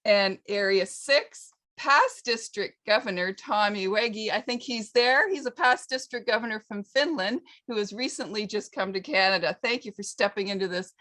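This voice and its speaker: A woman's voice: mid-range voice, moderate pace, few pauses, pushed and bright. A woman giving a ceremony speech as incoming district governor over a video call, laughing and reading out a list of names.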